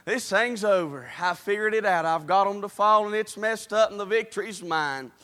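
A man preaching while voicing a smug, gloating devil in a low mutter, with a Southern US accent. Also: normal speed, fairly bright tone.

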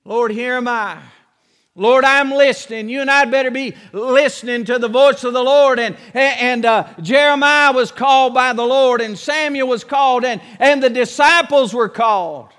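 Man preaching hard, keeps repeating himself, super high bright voice, big church echo. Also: normal speed, few pauses, smooth. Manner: impassioned, repetitive, acts out Bible scenes. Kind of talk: sermon. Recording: long reverb of a church hall.

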